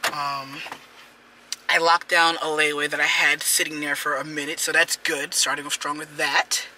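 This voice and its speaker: A man's voice: a little high, little pitch movement, moderate pace, bright, forceful tone, slight background noise. A man chatting casually while he drives, rambling with lots of fillers. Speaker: vlogger. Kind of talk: casual vlog chat while driving. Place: in his car.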